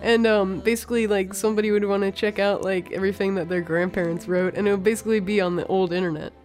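A woman chatting casually on a podcast, rambling through her ideas with frequent giggles and fillers. Her voice sits in a middle pitch, with faint music behind her. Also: steady tone, quick pace, a little mellow.

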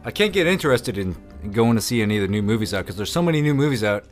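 A man's voice: lowish voice, very animated, very fast, faint music behind. A man in casual chat, blunt and grumpy, often answering tersely.

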